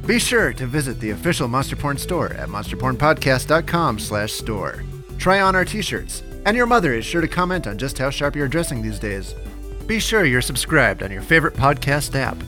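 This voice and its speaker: Man, podcast host, wry mock-solemn outro, animated pitch, music underneath. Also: moderate pace.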